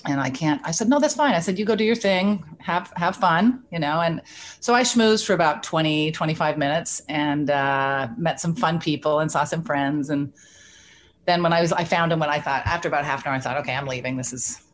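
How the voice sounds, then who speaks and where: A middle-aged woman from Canada, an interview guest telling a story in a lively, chatty way, acting out the quoted voices and laughing often. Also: low-pitched, a little fast, a little hiss or hum. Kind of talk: casual storytelling.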